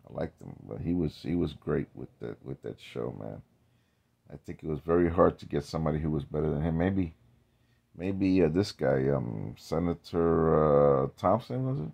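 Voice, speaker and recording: Low gravelly man rambling on camera. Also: a little mellow. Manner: rambling, drifting into tangents with many restarts. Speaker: vlogger. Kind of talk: rambling casual monologue.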